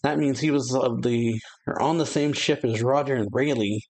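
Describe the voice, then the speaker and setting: A man's voice: medium pitch, moderate pace, a little mellow, natural voice. Man reading as a cheerful young pirate captain. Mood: surprised.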